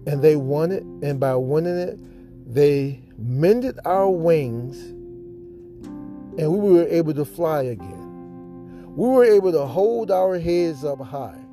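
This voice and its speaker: A man's voice: on the high side, expressive, slow, dark tone, soft background music. A man hosting a podcast, telling an emotional sports fan story in a dramatic, repetitive and heartfelt way. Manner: earnest, heartfelt. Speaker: podcast host.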